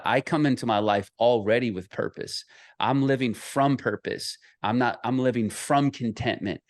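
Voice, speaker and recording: A man's voice: fairly low pitch, dry recording, clean studio sound. A man in his thirties, an associate pastor and author, earnestly telling a personal story in an interview with frequent restarts.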